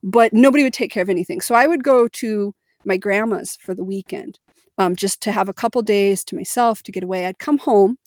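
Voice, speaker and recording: Young adult woman, podcast co-host, candid and emphatic storytelling, mid pitch, dry recording. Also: a little fast, a little mellow, no room sound. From Missouri, United States. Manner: candid and emphatic, with laughs and fillers. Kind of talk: personal storytelling in a podcast chat.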